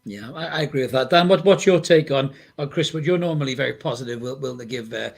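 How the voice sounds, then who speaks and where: A man's voice: medium pitch, fast, gravelly. A man hosting a casual football podcast, bantering bluntly with mild swearing and leading the discussion. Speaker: podcast host.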